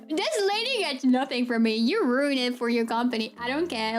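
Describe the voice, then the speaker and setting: A young woman streamer chatting casually with her viewers, telling an animated, ranting story and laughing often. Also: a little high, a little slow, pauses often, soft background music. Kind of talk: casual live-stream chat.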